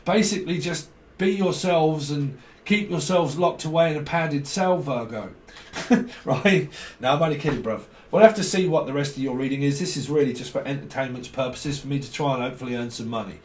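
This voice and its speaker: A man's voice: a little high, brisk, slight background noise. A man giving a rambling tarot reading, free-associating, swearing and chuckling as he goes. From near London. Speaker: tarot reader. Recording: roomy sound, mic at a distance.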